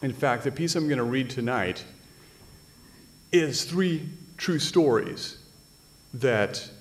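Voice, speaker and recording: A middle-aged man from Washington State, an author telling stories and reading aloud at a live literary event in a dry, wry manner with deadpan punchlines. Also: medium pitch, slow. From United States (Washington State).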